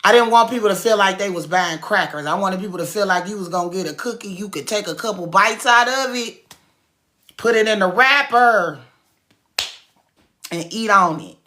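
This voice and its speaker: A woman's voice: medium pitch, normal speed, sharp tone. A woman giving a casual motivational talk, emphatic and preachy, repeating her points in slangy everyday speech. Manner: casual slang-heavy delivery. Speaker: cookie business owner and speaker.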